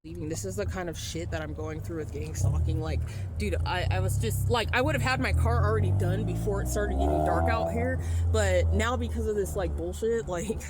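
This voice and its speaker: A woman's voice: fairly low pitch, big pitch swings, brisk, over loud music. A woman from California, rambling anxiously and swearing into her phone outdoors at night. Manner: rambling, frightened, swears a lot. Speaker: vlogger. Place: outdoors at a car wash at night. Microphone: phone held while talking.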